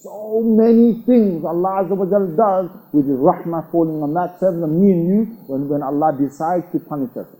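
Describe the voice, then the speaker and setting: A man giving a religious lecture to a class, animated, acting out little scenes and asking his listeners questions. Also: on the high side, normal speed, hardly any pauses, poor audio. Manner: animated, acts out quoted voices, questions the audience. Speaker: Islamic teacher.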